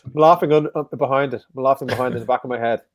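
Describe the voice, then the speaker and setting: Male quiz host, joking and unhurried, in a dry close sound. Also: mid-range voice, fairly even intonation, no room sound. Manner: jokey, repeats each question slowly. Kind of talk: casual live quiz hosting.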